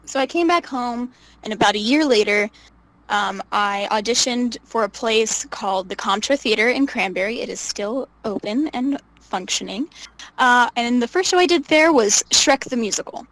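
A young woman telling stories casually as an interview guest, animated, laughing often and acting out what people said. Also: a little high, normal speed, no room sound, rough recording. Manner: animated, laughs often, acts out quoted voices. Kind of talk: casual storytelling.

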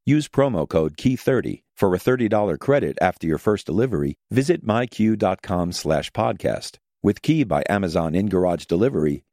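A man voicing a chatty cardboard delivery package in an ad, with a chummy, jokey sales pitch. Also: a little mellow, no room sound, studio quality. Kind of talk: radio ad read.

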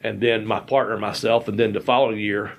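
A man's voice: fairly low pitch, fairly even intonation, quick pace. Man, folksy, rambling storyteller, casual podcast chat. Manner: rambling, folksy, repeats words. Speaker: podcast co-host, former wrestler.

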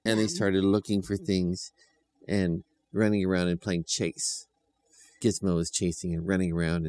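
Gravelly man telling a silly story. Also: low-pitched. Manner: playful, chuckling, lively delivery. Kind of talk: improvised children's story narration.

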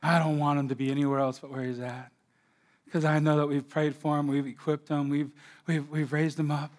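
A middle-aged man preaching a sermon as pastor, swinging between loud outbursts and quiet asides. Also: a little high, little pitch movement, fairly quick.

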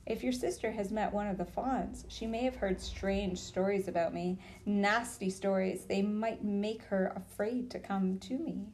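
A woman reading a storybook and voicing a cold, commanding witch queen who coaxes smoothly. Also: mid-range voice, steady tone, measured pace, hardly any pauses, darkish tone, natural voice. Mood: coaxing. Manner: smooth and persuasive.

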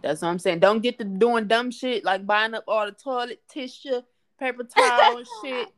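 A woman's voice: fairly high pitch, animated, normal speed, fairly bright tone. A woman co-hosting a casual chat, talking bluntly and profanely in a ranting way.

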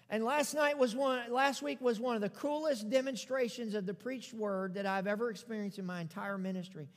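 A man's voice: extremely high pitch, a bit bright. A man preaching a sermon as pastor, leading the congregation in repeated declarations and stressing phrases through repetition. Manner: preaching with call-and-response, repeats phrases for emphasis. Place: church sanctuary. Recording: long reverb of a church hall.

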